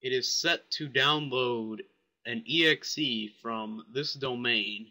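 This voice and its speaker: A man casually demonstrating software while thinking aloud, offhand and a bit puzzled. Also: mid-range voice, fairly even intonation, slow. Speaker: software reviewer. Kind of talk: casual screen-recorded software demo.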